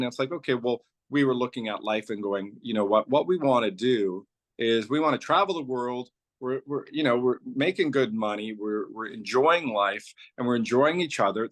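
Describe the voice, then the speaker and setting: A man's voice: mid-range voice, a bit bright. Man telling a personal story casually. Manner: loose and rambling, strings clauses with "so" and "like". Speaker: company founder telling his story as a guest.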